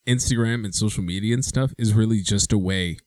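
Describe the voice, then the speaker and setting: A man's voice: lowish voice, brisk, dry recording. A man co-hosting a casual podcast chat, talking animatedly and acting out quoted voices. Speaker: podcast co-host.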